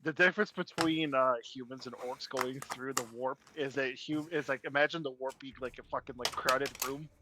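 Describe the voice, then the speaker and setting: A man's voice: medium pitch, fairly even intonation, moderate pace, few pauses, very noisy. A man co-hosting a casual podcast chat, swearing freely, laughing often and stumbling over repeated words. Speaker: podcast co-host.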